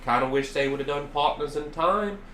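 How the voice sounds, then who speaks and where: A man's voice: a little high, moderate pace, a bit bright. A young man hosting a casual podcast chat, teasing and laughing as he jumps in. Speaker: podcast host. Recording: roomy echo, faint hiss.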